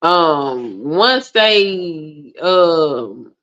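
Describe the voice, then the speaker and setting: A woman's voice: sits low, animated, extremely slow, a bit bright. A woman hosting a livestream, ranting bluntly to her chat and swearing freely, with indignant peaks. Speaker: livestream host. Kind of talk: casual ranting monologue to a live chat. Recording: dull lo-fi stream audio.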